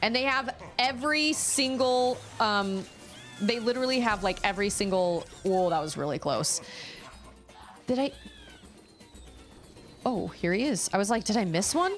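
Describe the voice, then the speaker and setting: A woman's voice: medium pitch, expressive, normal speed, long pauses, faint music behind. A woman streaming a video game, chatting in a rambling, exclamatory way while she plays. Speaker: gaming streamer. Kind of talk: casual chat while playing.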